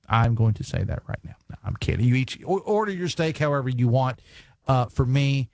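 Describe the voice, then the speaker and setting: A man's voice: medium pitch, moderate pace, darkish tone, no echo. Man, radio talk show host, casual folksy chatter, filler words, dry studio mic. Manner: chatty, folksy, joking asides with many fillers. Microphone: studio microphone.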